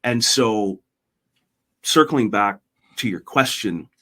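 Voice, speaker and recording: A man's voice: lowish voice, animated, slow pace, fairly bright tone. A middle-aged man, a podcast guest, talking earnestly and retelling a parable in a conversational way. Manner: retells a parable, voicing characters lightly.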